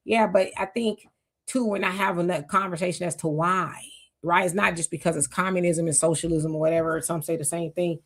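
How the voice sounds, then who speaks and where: A woman's voice: lowish voice, fairly even intonation, brisk. A woman in her fifties hosting a live stream, chatting casually and reading viewer comments aloud. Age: 50s. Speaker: host.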